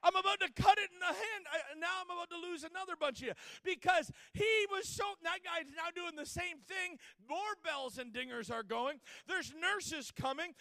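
A man's voice: very high-pitched, normal speed, hardly any pauses, sharp tone, no room sound, studio quality. A man preaching a sermon, telling a story dramatically and acting out the people in it.

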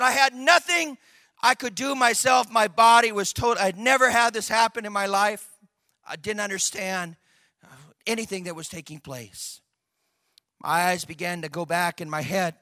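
An older man preaching a personal testimony, moving from quiet storytelling to shouted, fervent outbursts. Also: high-pitched, no echo, clean studio sound. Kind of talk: sermon testimony.

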